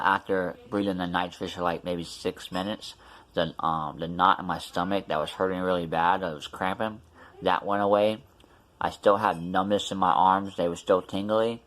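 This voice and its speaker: A man casually vlogs about having a tooth pulled, telling the story with plenty of fillers and restarts while his mouth is still numb. His voice is low-pitched and a bit bright.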